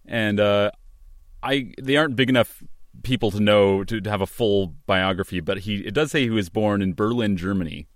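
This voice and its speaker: A man's voice: fairly low pitch, normal speed, no echo, studio quality. A man co-hosting a casual movie podcast, talking thoughtfully with frequent fillers and restarts. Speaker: podcast co-host. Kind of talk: casual movie commentary chat.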